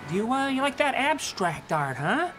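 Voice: high-pitched, big pitch swings, a bit bright, soft background music. A voice actor playing a scheming, wisecracking male seagull who mooches food in a video game. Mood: chummy. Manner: fast-talking, sly, theatrical. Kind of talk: video game character dialogue.

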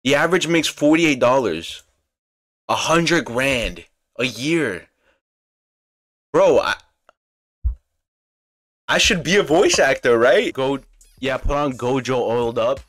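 A young man streaming, reacting to clips with excitable, slangy chatter and frequent laughter. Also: medium pitch, takes it slowly, long pauses. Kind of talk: casual reaction stream chat.

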